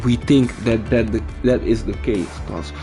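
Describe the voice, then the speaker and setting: A man's voice: fairly low pitch, normal speed. A man venting while he plays a game, agitated, restarting and repeating words and swearing as he tells his story. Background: game audio and music.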